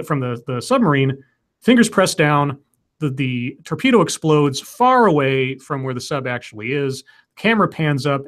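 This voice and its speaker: A man's voice: fairly high pitch, a bit bright. A man casually retelling a film plot as a podcast co-host, rambling with fillers and restarts. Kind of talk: casual movie recap chat.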